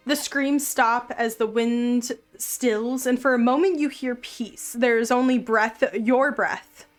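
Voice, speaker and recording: A woman who, as game master, narrates a tabletop game in an unhurried, descriptive storytelling way. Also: a little high.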